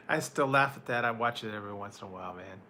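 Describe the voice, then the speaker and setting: In a casual live stream, a once-married adult man reviews food and responds to chat, wandering off with fillers and light laughter. He talks a bit quickly in a lowish, pushed, bright voice, and a little hiss or hum sits underneath.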